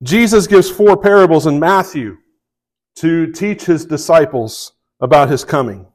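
A man's voice: a little high, unhurried, a little mellow, rough recording. A man preaching a sermon in a conversational way, often checking in with his listeners and reading scripture aloud with rising emphasis. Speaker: pastor.

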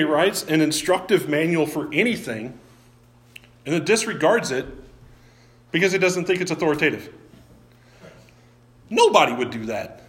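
A man's voice: a little high, a bit bright, echoey room. A man preaching a sermon as a pastor in a church. He talks conversationally, often restarts his words and poses questions to the congregation. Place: church sanctuary.

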